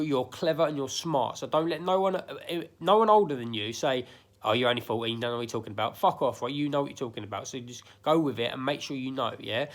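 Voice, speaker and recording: A man giving blunt, emphatic life advice straight to his viewers, swearing freely and repeating himself. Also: mid-range voice. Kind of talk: casual direct-to-camera monologue.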